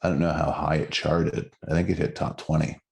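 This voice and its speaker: A middle-aged man co-hosting a podcast about records, telling stories and trivia about a band in casual, animated chat. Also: extremely low pitch, brisk, creaky. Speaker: podcast co-host.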